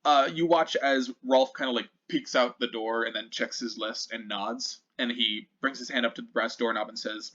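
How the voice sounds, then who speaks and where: A man narrating as game master of a tabletop game, animated, with filler words. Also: mid-range voice, normal speed, few pauses. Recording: slightly muffled lo-fi recording.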